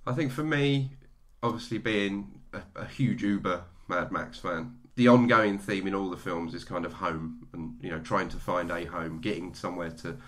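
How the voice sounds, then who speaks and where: A man's voice: sits low, normal speed, fairly bright tone. A man co-hosting a podcast, chatting enthusiastically about a film with many restarts. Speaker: podcast co-host. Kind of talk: casual film-review chat.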